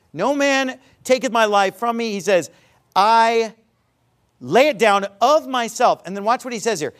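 A man preaching a sermon, quoting scripture and driving his points home through emphatic repetition and rhetorical questions. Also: high voice. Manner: animated, emphatic, repeats phrases for emphasis; calls a congregation member up for a live illustration. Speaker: pastor.

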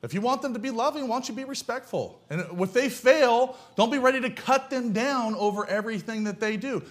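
A man's voice: extremely high pitch, fairly quick. A man preaching a sermon in a blunt, folksy way, firing off rhetorical questions. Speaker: pastor.

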